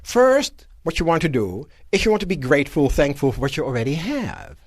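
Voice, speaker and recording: A man giving a live motivational seminar lecture to an audience in a room, animated and asking rhetorical questions. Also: on the high side, a little fast, no room sound, clean studio sound. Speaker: seminar speaker.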